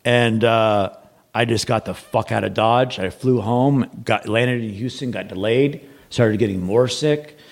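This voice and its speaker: Gravelly-voiced man telling his story. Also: mid-range voice, measured pace. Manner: rambling, repeats words, quotes others in dialogue. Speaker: podcast guest. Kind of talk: casual storytelling.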